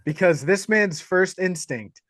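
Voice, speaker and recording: Animated man recapping a horror movie. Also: sits high, measured pace, no echo, clean studio sound. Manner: animated retelling with crude jokes and impressions. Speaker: podcast co-host.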